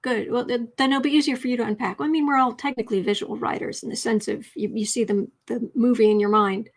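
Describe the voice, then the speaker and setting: A woman hosting a casual writing livestream, chatty and thinking out loud as she teaches and reads chat messages. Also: a little high, fairly even intonation, fast.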